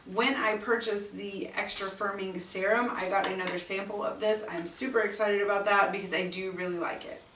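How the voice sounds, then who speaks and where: A woman's voice: medium pitch, a bit bright, distant mic, slight background noise. Chatty, blunt woman in a roomy echo. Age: middle-aged. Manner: chatty, blunt, exasperated asides. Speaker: beauty vlogger. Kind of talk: casual product review chat.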